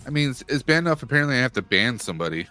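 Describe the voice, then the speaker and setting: A man's voice: mid-range voice, very fast, soft background music. A man hosting a casual charity livestream from Western New York, joking and now and then stammering over his words. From Western New York, USA. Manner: relaxed, joking, with some stammered restarts. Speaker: stream host running charity prize wheels.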